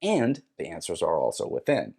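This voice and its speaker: Animated low-voiced man telling a story. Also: normal speed, creaky, slightly rough. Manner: animated, acts out his own quotes. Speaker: podcast guest. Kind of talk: casual storytelling.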